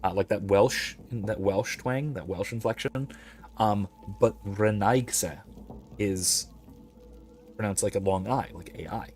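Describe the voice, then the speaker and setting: Hosting a let's play, a man chats casually, wanders off into academic digressions and reads chat messages aloud. His voice is fairly low and somewhat dark in tone, he speaks slowly, and faint music plays behind him.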